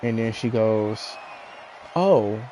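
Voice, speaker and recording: A man's voice: mid-range voice, moderate pace, gravelly, dark tone, a faint crowd, poor audio. A man chatting casually as he tells a rambling story, acting out both sides of a conversation. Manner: rambling, acts out quoted dialogue. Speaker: online wrestling league player.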